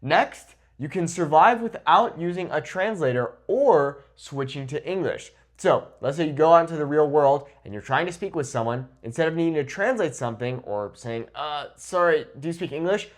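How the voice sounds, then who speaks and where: A man who teaches Spanish, talking to camera in a lively, informal way, often checking in with "okay?" and "right?". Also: on the high side, normal speed, few pauses.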